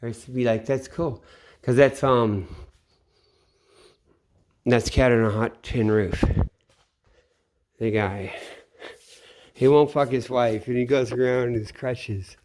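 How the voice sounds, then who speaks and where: A middle-aged man giving a rambling late-night monologue, swearing often and trailing off into low mutters. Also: steady tone, takes it slowly, pauses often, darkish tone. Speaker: channel host. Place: home at night.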